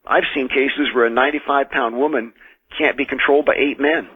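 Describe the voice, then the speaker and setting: An American minister and exorcist, a man, telling his experiences as a radio guest in an earnest, measured way, often restarting his sentences. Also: medium pitch, fairly even intonation, husky, no echo. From United States. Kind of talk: radio call-in interview, recounting experiences. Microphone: telephone. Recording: tinny phone line.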